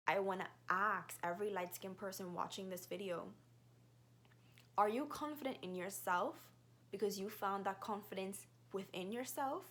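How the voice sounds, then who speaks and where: A young Bahamian woman in her twenties talks straight to her viewers in a casual vlog. She tells stories at a fast, lively clip, with her voice sitting at an ordinary middle pitch. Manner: fast-talking, animated storyteller.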